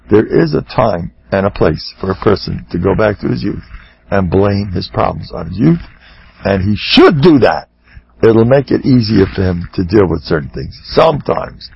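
A man giving a joking, animated sermon about counseling, over a muffled radio broadcast. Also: medium pitch, normal speed, vocal fry, slightly rough, no room sound. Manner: animated, joking, acts out quotes.

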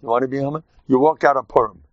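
A man giving an informal, joking Torah talk to his class, lively and animated. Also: medium pitch, very fast, dry recording. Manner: animated, jokey, mixes Yiddish and Hebrew terms. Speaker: rabbi teaching a class. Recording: dull dry lo-fi sound.

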